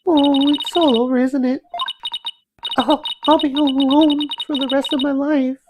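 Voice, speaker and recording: Woman doing a high, fretful young girl. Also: little pitch movement, a little slow, noisy background. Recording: loud game music behind.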